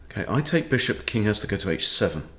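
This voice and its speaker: Playing a live chess game, a coach with a somewhat low voice comments on his own moves, very animated, quick and fairly bright. He thinks aloud loosely and playfully, slipping joking asides between lines of analysis.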